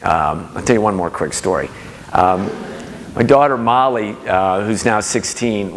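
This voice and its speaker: Brief: middle-aged male speaker, low voice, anecdotal storytelling, long reverb. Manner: warm anecdotal storytelling, acting out quoted voices. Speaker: speaker giving a talk. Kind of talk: storytelling talk to an audience.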